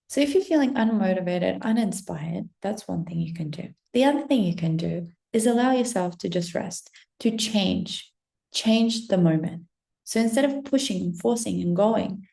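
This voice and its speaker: A woman's voice: mid-range voice, vocal fry, warm tone, echoey room. A woman coach giving a casual motivational pep talk, full of encouraging rhetorical questions and the odd swear word. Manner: casual, swears now and then.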